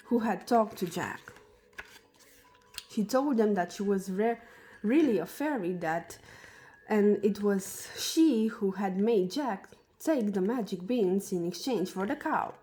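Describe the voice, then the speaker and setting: A woman reading a fairy tale aloud for children, slowly and with small slips and restarts. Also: mid-range voice, warm tone, low-quality recording. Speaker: storyteller.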